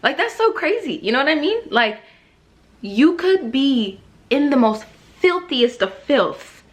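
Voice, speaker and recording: A woman's voice: high voice, big pitch swings, measured pace. A young woman vlogger giving a casual, emotional faith testimony, rambling and laughing now and then. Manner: emotional, rambling, laughs often, many fillers.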